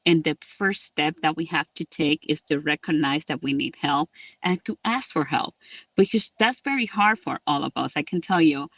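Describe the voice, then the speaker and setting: A man giving an earnest public address on a livestream, halting with fillers. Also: a little high, creaky, fairly bright tone, dry recording, far from the mic, muffled recording. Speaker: lieutenant governor.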